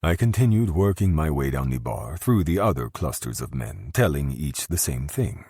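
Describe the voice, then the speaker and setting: A man narrating a dark romance audiobook in the first person, gruff and menacing in tone. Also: rumbling low, very animated, moderate pace, hardly any pauses, no room sound, clean studio sound.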